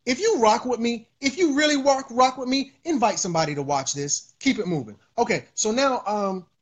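A man's voice: very high-pitched, animated, brisk, husky. A man hosting a casual livestream, preaching in a loose way, with many fillers and repeated lines. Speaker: livestream host.

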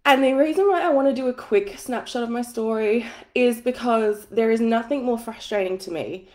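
A woman in her thirties, tired and a bit husky from an early start, hosting a live money masterclass from home on her phone in a chatty, self-deprecating way with plenty of swearing. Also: on the high side, moderate pace, a little mellow, reverberant. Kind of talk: casual livestream teaching. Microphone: phone on a tripod.

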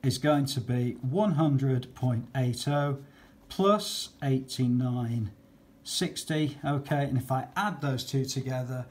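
A man's voice: mid-range voice, slow pace. A man talking through maths exam questions in a patient, chatty way, often checking in with "okay". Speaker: maths teacher.

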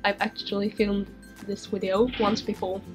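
A woman's voice: mid-range voice, little pitch movement, moderate pace, faint music behind. Giggly young woman rambling on camera. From Sweden. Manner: rambling, giggly, self-interrupting. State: strained, fading voice. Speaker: vlogger. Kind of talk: casual chat answering viewer questions. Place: bedroom.

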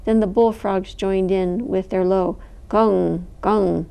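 Expressive woman reading a storybook aloud. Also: medium pitch, unhurried, smooth. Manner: expressive, animated read-aloud with sound effects. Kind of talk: reading a picture book aloud.

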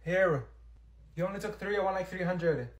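A young man acting out comedy sketches, swinging between loud shrill outbursts and low mumbled asides. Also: moderate pace. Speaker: comedy sketch creator playing many characters.

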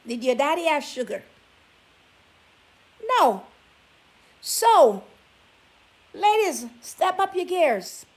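Sassy high-voiced woman scolding. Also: sing-song, very slow, pauses often. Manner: scolding, sassy rhetorical questions. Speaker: vlogger giving relationship advice. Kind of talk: preachy talk to camera.

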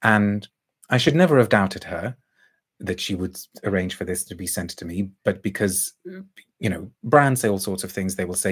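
Male perfume reviewer, thoughtful musing delivery, slightly low and husky. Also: fairly quick. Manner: thoughtful, musing, reads out viewer comments. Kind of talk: casual live review chat.

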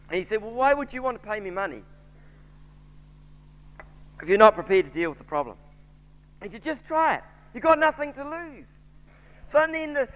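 A man's voice: very high voice, a bit bright. A man with a New Zealand accent preaching a sermon, telling a story and voicing its characters. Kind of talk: sermon with anecdote. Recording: church hall reverb.

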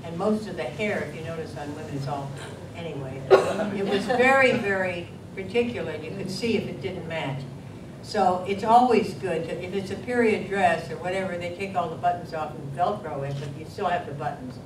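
A woman's voice: lowish voice, fairly quick, hardly any pauses. An older American woman answering audience questions at a convention panel in a chatty, anecdotal way, often laughing. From United States. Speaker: panel guest, actress. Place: convention hall. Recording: echoey hall from far off with loud noise.

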